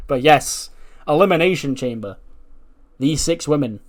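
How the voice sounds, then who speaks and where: A gaming video creator with a somewhat high voice and lively intonation talks slowly through a wrestling management game. His casual commentary is loose and rambling, packed with fillers and frequent swearing.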